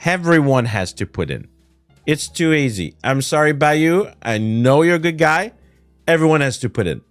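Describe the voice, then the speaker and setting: Lively whiny man with Quebec French accent. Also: on the high side, moderate pace, no echo, faint music behind. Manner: whiny, ranting, laughs often, swears. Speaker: streamer. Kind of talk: casual livestream chat.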